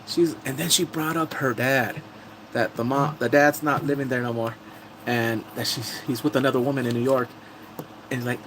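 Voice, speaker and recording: A man casually recapping TV drama episodes on a live stream, telling it with animated energy and acting out characters' lines. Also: medium pitch, normal speed, slight background noise, low-quality recording.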